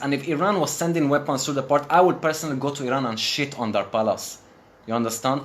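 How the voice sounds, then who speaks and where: A Syrian man hosting a livestream rants emotionally, speaking with passion, swearing and repeating phrases for emphasis. His medium-pitched voice is a little fast.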